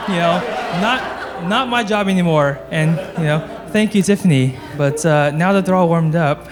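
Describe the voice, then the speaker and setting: A man's voice: on the high side, moderate pace, a crowd in the background. A man giving a wedding toast as a longtime friend of the groom, teasing and laughing through his jokes. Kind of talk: casual wedding speech. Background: music.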